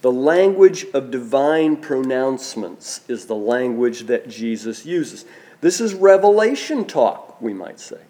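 A male pastor delivers a sermon at an unhurried, measured pace. His voice sits in an ordinary middle pitch. He lets important phrases fall soft and low for weight. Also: sing-song. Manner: slow and deliberate, voice dropping soft on key words.

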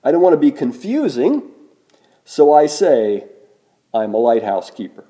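A man preaching a sermon in a slow, emphatic way, with dramatic pauses on key words. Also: medium pitch, sing-song, dark tone. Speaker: pastor.

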